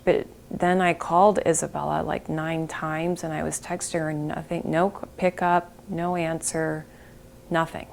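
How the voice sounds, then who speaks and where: A middle-aged woman giving an emotional interview, halting and breaking off, sometimes dropping to a whisper. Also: low-pitched, little pitch movement, gravelly, slight background noise. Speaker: interviewee, bereaved mother.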